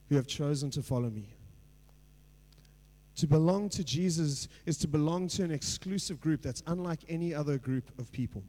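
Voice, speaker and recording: Man, pastor, sermon, high voice, conversational, asks "right?", builds to emphatic peaks. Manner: conversational preaching with frequent "right?" check-ins; builds to emphatic, louder passages.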